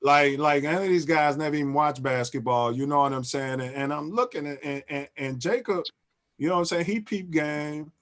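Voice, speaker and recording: A man, hosting and telling a story in casual chat, animated and repeating and restarting his phrases. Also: on the high side, moderate pace. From Chicago. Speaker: host.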